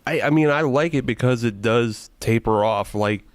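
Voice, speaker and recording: A man's voice: mid-range voice, normal speed, no room sound. A man co-hosting a casual beer-tasting podcast, wry and teasing, laughing often. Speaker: podcast co-host.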